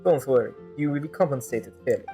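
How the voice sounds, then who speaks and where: A woman's voice: warm tone, soft background music. A woman voicing a stern, serious male guild leader in a fan-dub, with a mock German-turned-Russian accent. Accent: mock German-Russian accent attempt. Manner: grave, measured, lowered voice. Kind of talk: fan-dub voice acting over gameplay.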